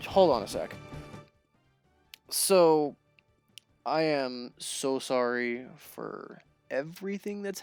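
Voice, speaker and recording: Let's play host, unhurried delivery, fed-up and laughing it off, faint game music underneath. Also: mid-range voice, gravelly. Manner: exasperated, laughing in frustration. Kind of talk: video game commentary.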